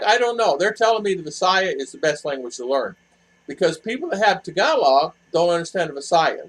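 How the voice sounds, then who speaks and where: Captured on a rough recording, a medium-pitched male vlogger chats loosely with his live audience, stumbling through fillers and restarts as he answers their messages. He's an expat living in the Philippines.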